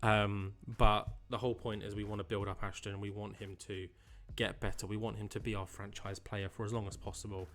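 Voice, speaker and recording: A man's voice: lowish voice, level tone, brisk, few pauses, a bit bright. A young man casually commentating his own game playthrough in a chatty, upbeat way with joking asides. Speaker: gaming channel host. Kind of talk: casual let's-play commentary.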